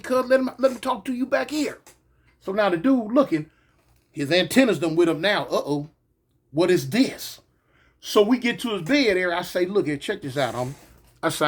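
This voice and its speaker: High-voiced man telling a street story. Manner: animated retelling, acting out quoted voices. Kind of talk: casual storytelling.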